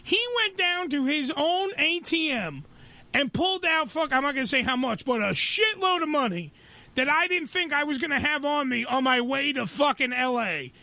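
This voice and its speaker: A man's voice: very high-pitched, animated, moderate pace, gravelly, bright, forceful tone, dry recording. A man hosting a radio show, joking, swearing and laughing often in casual banter on a studio mic.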